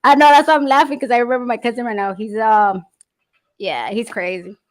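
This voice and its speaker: A woman's voice: a little high, fairly even intonation, fairly quick, rough recording. A middle-aged woman hosting a livestream, talking casually with brash, profane humor and frequent laughter. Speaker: livestream host. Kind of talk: casual chat. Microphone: streaming setup.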